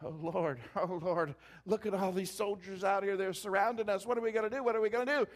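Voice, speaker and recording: A man's voice: high voice, steady tone, fast talker, pitched above the performer's own voice, close to an everyday voice. A man voicing a frightened servant who pleads anxiously. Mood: panicked. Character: frightened young male servant panicking.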